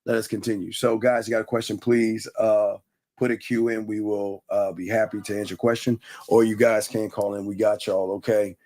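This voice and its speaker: A man's voice: fairly low pitch, level tone, fairly quick, darkish tone. A man co-hosting a live call-in stream, talking bluntly and animatedly, repeating his points. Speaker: livestream co-host. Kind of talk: casual live call-in chat.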